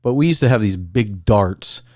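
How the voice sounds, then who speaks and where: Rambling low-voiced man hosting a call-in show. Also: animated, normal speed, darkish tone, dry recording, studio quality. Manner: rambling, reads a list aloud, greets viewers. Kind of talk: casual livestream chat.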